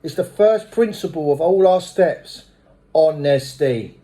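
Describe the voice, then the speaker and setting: A middle-aged man with a blunt, swearing manner, telling his recovery story at a meeting as a lively storyteller. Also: a little high, a little slow. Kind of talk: personal recovery testimony.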